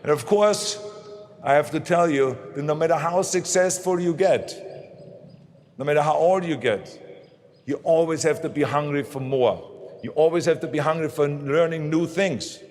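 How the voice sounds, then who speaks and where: Man, German accent, pitched a bit high, motivational speech in a big reverberant hall. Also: normal speed, a little mellow, a little hiss or hum. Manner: emphatic, punchy short phrases. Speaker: motivational speaker.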